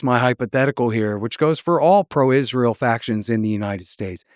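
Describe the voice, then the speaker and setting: A man's voice: medium pitch, clear, resonant tone, no room sound, studio quality. A man as a podcast guest, talking in a heated, mocking storytelling manner and acting out the voices of people he quotes.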